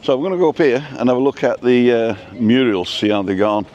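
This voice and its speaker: A man's voice: mid-range voice, fairly quick, hardly any pauses, a little mellow, a little hiss or hum. Chatty man vlogging outdoors. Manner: chatty, jokey, reads out viewer names. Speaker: vlogger host. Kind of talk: casual live-stream chat while walking. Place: outdoors on a seaside town street.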